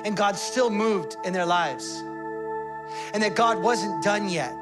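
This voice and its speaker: A man preaching a sermon as pastor, impassioned, swinging between hushed confession and loud declarations. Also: high voice, slow, over loud music.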